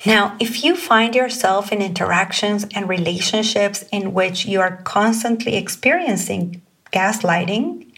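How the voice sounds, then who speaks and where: A woman coaching on communication in a calm instructional talk, speaking slowly and deliberately and reading example phrases aloud. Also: mid-range voice, slightly rough, distant mic.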